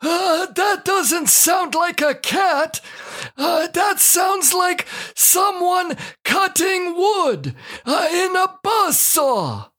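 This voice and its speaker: A woman voicing a bumbling married man in a scripted comedy sketch, speaking halting broken English full of "uh" fillers. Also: very high voice, animated, a bit bright, heavily acted. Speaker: co-host of a comedy show.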